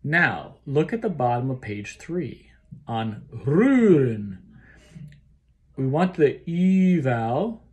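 A man leads a choral rehearsal video at an unhurried pace, talking through each phrase. His voice sits at an ordinary middle pitch. He breaks into sung lines to show the phrasing. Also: big pitch swings, a little mellow. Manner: explains phrasing, then sings the lines to demonstrate. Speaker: choir director. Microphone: solo recording for a rehearsal video.

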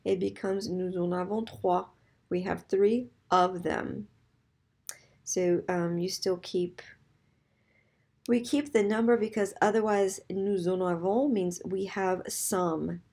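Husky, mellow-voiced woman teaching French. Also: mid-range voice, steady tone. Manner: patient, explains slowly and repeats example phrases. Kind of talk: recorded slide lesson.

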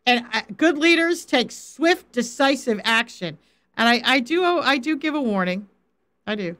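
A woman's voice: sits high, animated, a little slow, a bit bright. A middle-aged woman, a faith coach, giving a Bible teaching on a livestream and talking firmly and directly to viewers in the chat. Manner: direct, firm, talks straight to viewers in the chat.

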